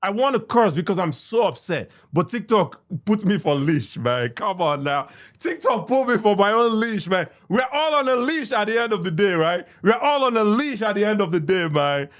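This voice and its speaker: A Nigerian man with a Nigerian accent, a podcast host giving heated, repetitive commentary that swings from shouts to muttered asides. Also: high-pitched, sing-song, moderate pace, hardly any pauses.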